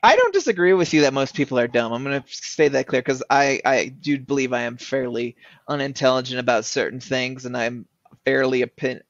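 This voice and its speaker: A man co-hosts a casual podcast, thinking aloud and stopping to restart his sentences. His voice sits at a middle pitch for a man. The recording is dry and a little dull, with no room echo. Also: lively intonation. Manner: halting, restarts mid-sentence. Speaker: podcast co-host.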